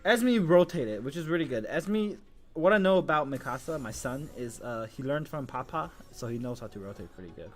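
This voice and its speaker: A man's voice: medium pitch, animated, fairly quick. A man streaming live commentary on a mobile game match, hyped and crudely joking, full of exclamations.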